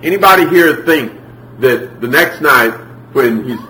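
Delivered as a sermon to a live crowd, this parenting talk features a man telling stories, posing questions to the room, and acting out scenes. He speaks at a medium pitch with an expressive, pushed, bright tone and a measured pace. The mic sits at a distance in a roomy hall, with faint noise.

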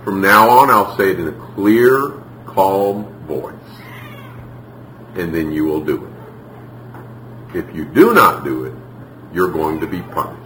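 Calm firm mother, as a man puts her on. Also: fairly low pitch, roomy sound, a little hiss or hum, pitched below the performer's own voice, rough recording. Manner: slow, calm, deliberate.

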